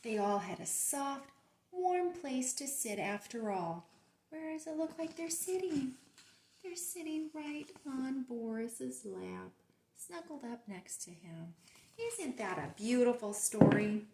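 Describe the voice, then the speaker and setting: A woman reading a picture book aloud at a library storytime, gentle and sing-song, asking her young listeners questions. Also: sits high, sing-song, slow, a little hiss or hum. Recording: roomy echo.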